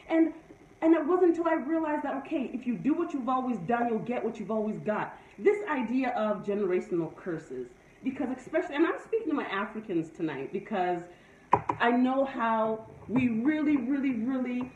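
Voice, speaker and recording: A woman with a slightly high voice gives a preachy motivational talk, driving her points home again and again. She sits back from the microphone, and the sound is dull and echoey. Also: lively intonation, moderate pace, darkish tone. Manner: preachy, repetitive, emphatic. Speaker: live-stream host. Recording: echoey room, far from mic, dull sound.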